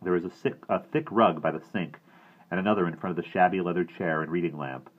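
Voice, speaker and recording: A man narrating a novel aloud in a steady, expressive manner. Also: low voice, fast, husky. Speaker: reader. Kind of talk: audiobook reading. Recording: tinny phone-like sound.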